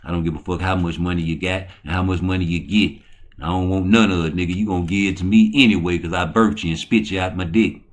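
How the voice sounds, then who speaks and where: A man with a low-set voice hosts his own livestream, rambling loosely from one thing to the next. He is profane and boisterous, dropping into low mutters and then surging into loud, excited bursts. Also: fast talker. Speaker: channel host.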